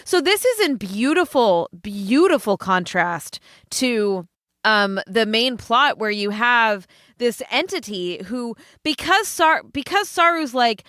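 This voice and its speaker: A woman co-hosting a casual podcast chat, animated and swearing often as she acts out characters' lines. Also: a little high, a little slow, no echo, clean studio sound. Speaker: podcast co-host. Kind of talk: casual chat about a TV episode.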